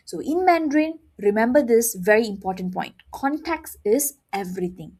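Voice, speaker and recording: A woman's voice: on the high side, expressive, normal speed, darkish tone, breathy edge. A woman teaching a beginner language lesson, speaking expressively and modeling sounds with exaggerated tones while checking in with her learners. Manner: repeats "all right?" to check understanding.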